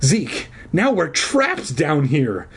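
A man's voice: fairly high pitch, big pitch swings, a little fast, breathy edge, pitched above the performer's own voice, full character voice. A man voicing an earnest, anxious young girl speaking in a story.

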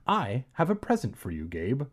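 A man's voice: mid-range voice, wildly swooping pitch, moderate pace. A man doing a jovial joke-loving uncle. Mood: cheerful. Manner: cheerful, chatty.

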